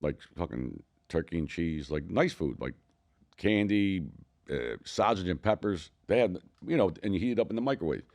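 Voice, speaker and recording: A man's voice: sits low, normal speed. An older man with a Philadelphia accent, telling rambling, profane stories as a podcast co-host. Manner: profane, rambling, animated storytelling. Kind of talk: casual storytelling.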